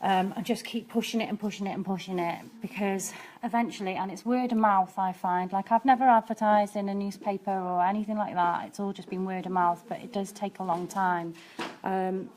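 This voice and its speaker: A woman's voice: mid-range voice, steady tone, brisk, hardly any pauses, a little mellow. Chatty woman teaching nail art. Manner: chatty, practical, full of ums. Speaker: nail technician and educator. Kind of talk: live-streamed nail art demonstration.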